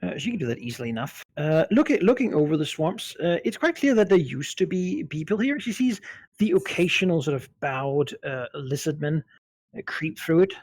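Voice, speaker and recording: A man's voice: on the high side, lively intonation, moderate pace, a little mellow, slightly rough, dry recording. A man narrating a tabletop game as game master, hesitant and full of fillers.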